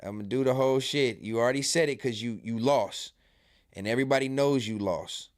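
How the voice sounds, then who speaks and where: A man's voice: medium pitch, fairly quick, dry recording, studio quality. A man hosting a live stream, talking casually in loose, profane slang and trading insults. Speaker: live stream host reacting to clips.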